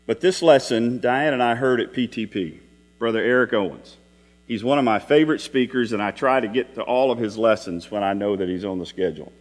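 Middle-aged male preacher, folksy storyteller, mid-pitched voice, long hall reverb and a mains hum behind. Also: brisk. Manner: folksy storytelling with rhetorical questions. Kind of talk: Sunday evening sermon.

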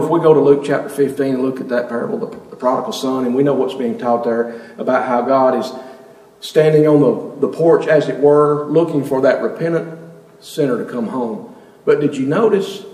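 A male preacher delivers an earnest sermon at a middle pitch, pressing the congregation with rhetorical questions. His voice carries a long reverberant tail, as if the hall is large. He sounds set back from the microphone. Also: darkish tone. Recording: echoey hall, mic at a distance.

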